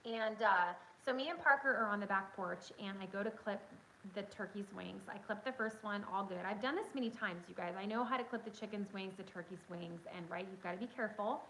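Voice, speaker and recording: A woman hosting a casual livestream from home on her phone, telling a story in an excitable, chatty way and talking straight to her viewers. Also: medium pitch, a little fast, a little hiss or hum, low-quality recording. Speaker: livestream host.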